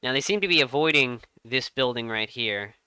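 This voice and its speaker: A man narrating a tabletop game as game master, telling the scene with dramatic pauses. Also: mid-range voice, smooth, no echo. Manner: lively storytelling with dramatic pauses.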